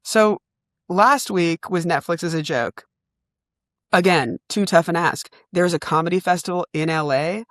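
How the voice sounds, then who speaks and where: Animated woman telling a comic story. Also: on the low side, unhurried, dry recording, studio quality. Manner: animated storyteller who laughs often. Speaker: podcast co-host. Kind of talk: casual comedic chat.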